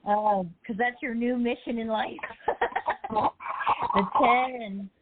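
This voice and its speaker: A woman's voice: a little high, unhurried, heavy background noise. A woman hosting an online poetry show, chatting casually and laughing often as she gives feedback. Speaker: host. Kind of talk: casual chat. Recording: tinny phone-like online audio.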